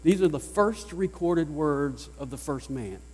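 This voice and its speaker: Southern preacher with mellow tone, hall reverb. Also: male voice, a little high, expressive, unhurried. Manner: emphatic preaching, swinging from loud to hushed. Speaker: pastor. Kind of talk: sermon. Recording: long reverb of a large hall.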